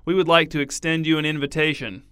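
Man reading a pushy, formal dad, bright tone, dry mic. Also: a little high, flat delivery, fast talker, smooth, no echo. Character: pushy, overbearing middle-aged father.

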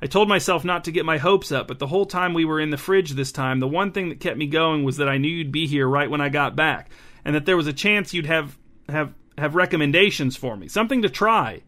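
A man narrating a worn-out middle-aged mother in an audiobook, her voice pitched a little high and bright as she pleads for help. She sounds tired and hopeful at once, like someone worn thin. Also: brisk, close to an everyday voice. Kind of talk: audiobook character reading.

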